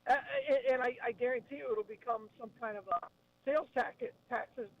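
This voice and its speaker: A man's voice: very high-pitched, steady tone, a little fast, no echo. A man calling into a radio show as a regular guest, chatty and wry. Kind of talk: casual radio chat. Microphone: phone line. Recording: dull phone line audio.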